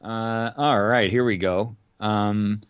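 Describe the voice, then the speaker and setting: A man's voice: lowish voice, steady tone, slow, smooth, no echo, dull audio. A man co-hosting a casual film podcast in an easygoing, agreeable way. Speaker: podcast co-host.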